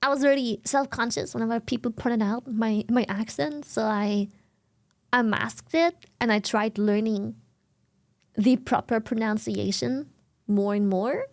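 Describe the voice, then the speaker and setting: A woman's voice: on the high side, unhurried, a little mellow. A young woman from Germany with a German accent, chatting casually on a live stream, giggling often and thanking viewers over and over.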